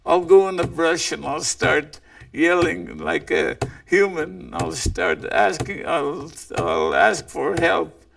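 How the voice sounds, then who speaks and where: A man doing a cocky trickster coyote, gravelly and high. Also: expressive, takes it slowly, fairly bright tone, distant mic, a little hiss or hum, full character voice. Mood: scheming. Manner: stubborn, cocky, crafty. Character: boastful scheming male coyote trickster.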